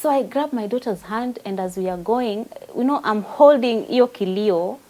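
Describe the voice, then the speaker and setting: A woman's voice: on the high side, normal speed, dark tone, low-quality recording. A woman with a Kenyan accent, a guest giving an emotional personal testimony and mixing Swahili with English.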